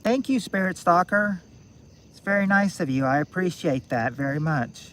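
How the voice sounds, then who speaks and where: Man, 60s, streamer host; rambling, restarts, thinks aloud, slightly high voice. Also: lively intonation, normal speed, a bit bright, slight background noise. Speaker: streamer hosting a game night. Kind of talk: casual live-stream chat.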